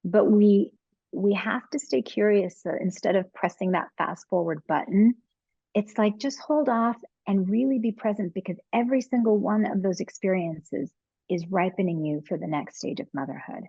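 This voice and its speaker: A woman's voice: medium pitch, moderate pace, vocal fry, mellow, husky, no room sound, highs cut off. A woman guest on a podcast talking about postpartum and motherhood in an earnest, reflective way, repeating key phrases for emphasis. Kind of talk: reflective conversational advice.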